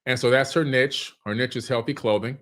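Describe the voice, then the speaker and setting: Man, casual monologue, throat-clearing, loose restarts, advice on money. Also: medium pitch, steady tone, fairly quick, a bit bright. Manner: conversational, repeats and restarts, keeps clearing his throat. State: throat irritated from smoke. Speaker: online business coach. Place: home room.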